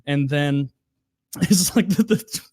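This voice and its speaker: A man's voice: a little high, slow pace, no echo. A man co-hosting a podcast, chatting casually about a film and acting out scenes with laughter. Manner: animated storyteller, acts out scenes with laughs. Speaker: podcast co-host. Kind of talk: casual movie review chat.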